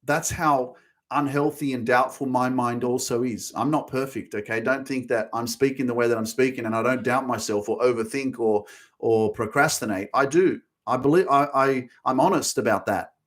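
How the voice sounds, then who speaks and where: A man's voice: mid-range voice, normal speed. A man in his thirties hosting a motivational podcast, talking passionately and with emphasis, cursing freely and repeating phrases to drive points home. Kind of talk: motivational monologue.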